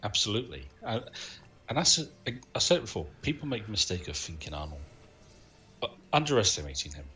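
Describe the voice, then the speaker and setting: Brief: male podcast co-host, lower pitch, bright forceful tone, trivia-minded. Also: sing-song, fast talker. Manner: knowledgeable, anecdotal, laughs often. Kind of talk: casual film chat.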